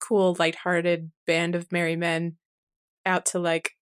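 A woman co-hosting a casual book podcast, retelling scenes in a lively way with acted quotes. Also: on the low side, slow pace, smooth. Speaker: podcast co-host.

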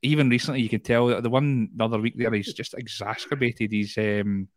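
A man's voice: mid-range voice, fairly even intonation, fairly quick, no echo. Scottish man, casual rambling podcast chat, dry booth sound.

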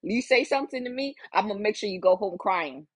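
A woman's voice: medium pitch, animated, fast, husky, no echo. A young woman hosting a solo podcast, talking frankly and casually with lots of cursing, often acting out her own inner voice. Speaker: podcast host.

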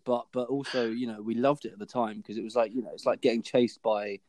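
Young man, mid pitch, chatty and hesitant podcast co-host, dry close sound. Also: steady tone, fast, darkish tone, dry recording. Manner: chatty, hesitant with fillers and restarts. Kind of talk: casual chat.

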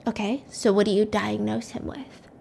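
A woman's voice: medium pitch, fairly even intonation, moderate pace, vocal fry, a little mellow, a little hiss or hum. A woman voicing a stern, cold older female hospital director who interrogates a young doctor bluntly.

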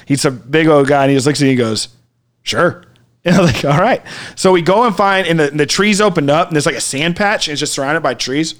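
Male storyteller, a bit high-pitched, casual and animated, breaks into shouts. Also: brisk. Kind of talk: casual podcast chat.

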